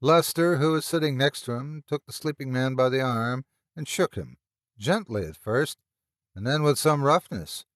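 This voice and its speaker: A man narrating a classic horror story in an expressive, dramatic storytelling manner. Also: mid-range voice, moderate pace, dry recording, studio quality.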